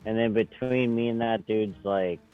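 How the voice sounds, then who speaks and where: A man's voice: lowish voice, fairly even intonation, normal speed, phone-quality sound, soft background music. A young man playing in a tabletop game, joking and casual. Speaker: player. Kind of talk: casual chat.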